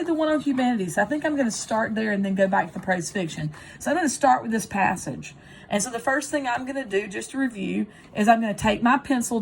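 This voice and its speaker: A woman's voice: mid-range voice, creaky. A woman teacher demonstrating test-taking, thinking aloud as she works through a practice test. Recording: faint background noise.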